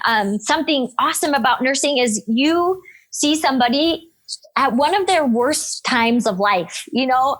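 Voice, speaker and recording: A woman in her thirties, a nurse and podcast guest, telling a story in an energetic, upbeat, animated way. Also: sits high. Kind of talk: casual storytelling interview.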